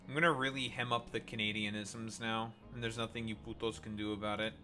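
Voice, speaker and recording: A man's voice: lowish voice, flat delivery, fast talker, pushed and bright, soft background music. A man streaming in casual chat, teasing and swearing freely. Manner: crude, teasing, swears a lot.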